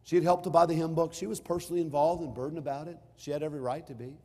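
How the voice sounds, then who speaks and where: In a reverberant church sanctuary, a middle-aged male pastor preaches very fast in a slightly high, a little mellow voice with fairly even intonation. He mixes scripture with a personal anecdote, delivering it emphatically with shifting intensity.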